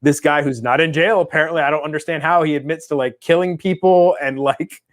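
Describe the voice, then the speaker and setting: A man's voice: fairly high pitch, fairly even intonation, fairly quick. A man co-hosting a casual chat show, telling a long rambling story and acting out the people in it. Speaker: podcast co-host.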